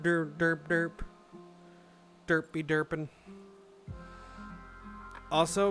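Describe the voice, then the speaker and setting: A man's voice: a little high, fairly bright tone. A man in his thirties chatting casually on a live stream, swearing freely and answering chat.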